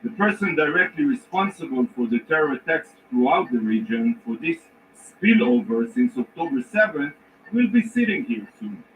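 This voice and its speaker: A man giving a formal, prepared speech to a council as an ambassador, emphatic and indignant, with measured pauses. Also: on the high side, big pitch swings. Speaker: ambassador addressing the Security Council. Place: large council chamber. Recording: distant, dull rebroadcast with faint noise.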